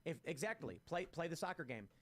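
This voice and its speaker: A male host who talks fast and tells stories with lots of animation. His voice sits a little high for a man. He rattles through his points in a relaxed panel-chat tone. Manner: animated, rapid storytelling. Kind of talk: casual panel talk.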